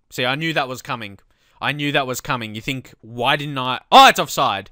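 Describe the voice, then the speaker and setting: A man hosting a football game let's play, his voice bright and clear, slightly high for a man. He talks through tactics at an easy pace, then bursts out yelling at his defence when things go wrong. The sound is dry and close. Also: normal speed, no room sound. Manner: excitable, shouts at the game, then calm explaining. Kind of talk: video game commentary.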